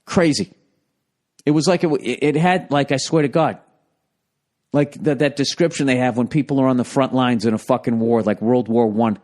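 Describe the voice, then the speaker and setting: A man's voice: mid-range voice, steady tone, moderate pace, a little mellow. A man in his forties with a Boston accent, telling a rambling, profane, exasperated story.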